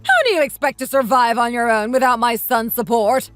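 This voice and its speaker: A woman's voice: animated, brisk, fairly bright tone, dry recording, soft background music. A woman voicing a scolding mother-in-law. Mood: indignant. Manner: shrill, scolding and insulting. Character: bossy scornful sixty-year-old mother-in-law. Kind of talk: texting story voice acting.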